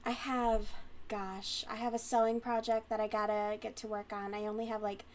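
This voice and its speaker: A woman's voice: medium pitch, little pitch movement, moderate pace. A woman hosting a crochet livestream, chatting casually and rambling as she reads comments aloud, often giggling.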